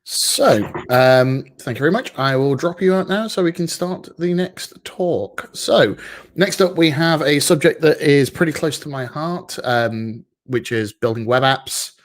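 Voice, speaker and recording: Hosting an online tech meetup over a video call, this man speaks at a measured pace in a fairly high voice. His event hosting is casual, playful, and self-mocking.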